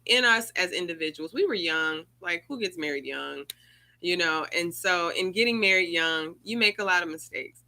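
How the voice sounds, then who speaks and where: Bright-voiced woman telling a personal story. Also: medium pitch. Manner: earnest, conversational, rising emotion. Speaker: circle host. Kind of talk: storytelling to an online group.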